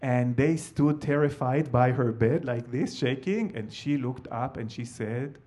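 A man, a Hebrew speaker, telling a family story with animated delivery and frequent fillers. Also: medium pitch, unhurried, hardly any pauses. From Israel. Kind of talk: live storytelling talk.

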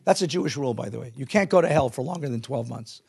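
A man teaching a Jewish text class to a live audience, animated, asking the room questions and mixing in Hebrew and Yiddish words. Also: medium pitch, fast, gravelly, husky.

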